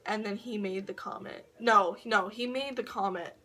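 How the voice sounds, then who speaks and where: A woman's voice: mid-range voice, steady tone, normal speed, fairly bright tone. A woman vlogging at home, casually telling a personal story, full of slang, swearing and laughter.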